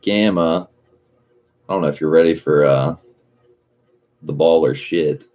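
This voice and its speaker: A man's voice: very deep voice, unhurried, darkish tone. A man hosting a livestream, chatting casually with lots of swearing and a loose, rambling manner. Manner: rambling, swears constantly, chuckles often. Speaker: livestream host. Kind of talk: casual profane livestream chat. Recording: dull lo-fi stream audio.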